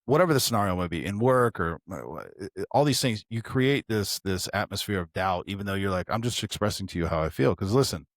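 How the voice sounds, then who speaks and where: A man's voice: fairly low pitch, expressive, quick pace, few pauses, no echo, clean studio sound. A man co-hosting a podcast in candid casual chat, talking in an earnest, reflective way with frequent restarts. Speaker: podcast co-host.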